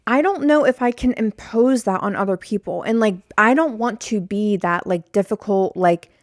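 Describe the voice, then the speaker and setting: A woman rambles solo on her own podcast, joking at her own expense and frequently wandering into tangents. Her mid-range voice keeps a moderate pace, with studio quality and no room sound.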